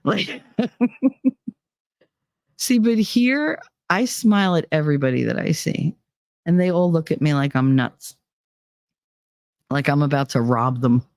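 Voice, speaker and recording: A woman from New Jersey with a New Jersey accent, chatting casually on a live stream, reading out her chat and answering it in a blunt, animated way with plenty of swearing. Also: low voice, measured pace, pauses often, no room sound, studio quality.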